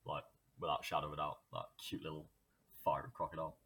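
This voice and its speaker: A man chatting as a guest on a gaming podcast, animated and quick to joke. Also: rumbling low, husky. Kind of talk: casual gaming chat.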